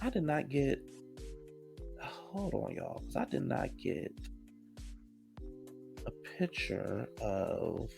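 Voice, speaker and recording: Gravelly-voiced guy recapping reality tv, messy and cussing a lot, low music in the back. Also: big pitch swings, slow pace, long pauses. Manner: gossipy, profane, reacts loudly to the drama. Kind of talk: casual episode recap.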